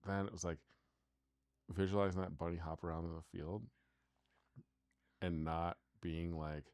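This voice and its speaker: Deep-voiced man chatting loosely. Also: little pitch movement, a little slow, long pauses, a little mellow, clear, resonant tone, no room sound, clean studio sound. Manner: rambling, full of "like" fillers and restarts. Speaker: co-host. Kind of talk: casual chat.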